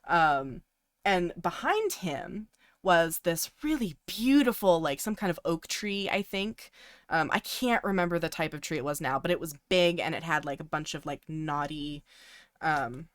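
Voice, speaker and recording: Young woman podcast host, kinda low voice, lots of um and like, super dry sound. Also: lively intonation, a little slow, no room sound. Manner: rambling, many ums and likes, laughs often. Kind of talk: casual chat, storytelling.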